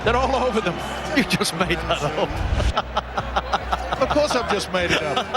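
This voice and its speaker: Brief: male match commentator, high lively voice, slow drawl, giggly, loud stadium crowd. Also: over loud music. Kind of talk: live sports commentary.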